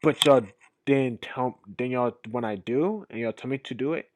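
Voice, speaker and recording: A young man streaming a casual reaction, talking emphatically and rambling, swinging from loud to quiet. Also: mid-range voice, moderate pace, slight background noise.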